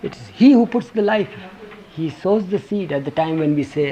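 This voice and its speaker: On dull lo-fi tape with a faint hiss, a man with a slightly high, dark-toned, expressive voice talks at normal speed to a group. It's an informal talk where he tells stories, quotes his spiritual teacher, and poses questions to his audience.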